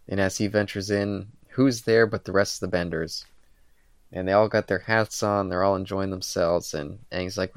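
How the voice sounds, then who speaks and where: Co-host, male, deep voice with a gravelly edge, dry close sound, retells scenes with little voiced lines. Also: fairly even intonation, normal speed, no echo. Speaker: podcast co-host. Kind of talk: casual chat.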